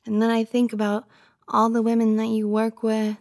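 A woman's voice: on the high side, completely flat delivery, moderate pace, dry recording, clean studio sound, close to an everyday voice. A woman as a pouty, jealous girlfriend. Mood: possessive. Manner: pouty, teasing, drifting into soft whispers. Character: jealous, possessive young girlfriend, clingy and pouty. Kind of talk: girlfriend audio role-play.

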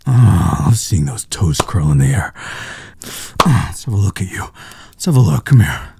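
A man's voice: sits low, sing-song, moderate pace, creaky, husky. A man in an intimate audio role-play, talking in a dominant, commanding way with heavy breathing.

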